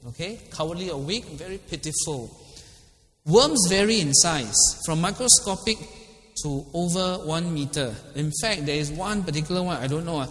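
A middle-aged man with a Singaporean English accent, preaching in a casual, chatty way, laughing often and asking listeners by name. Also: a little high. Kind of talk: casual sermon with questions to the congregation. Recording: long hall reverb.

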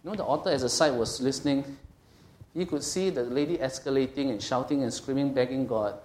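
A man's voice: medium pitch, fairly quick, a little mellow. Emphatic male pastor in echoey hall. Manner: conversational and emphatic, often checking in with "okay?". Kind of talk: sermon. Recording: echoey room.

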